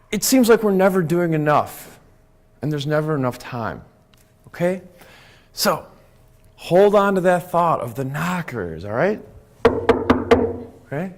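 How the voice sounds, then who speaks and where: Man, conference speaker, live audience, animated, fairly high voice, swooping pitch. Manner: animated, keeps checking in with "right?" and "okay?".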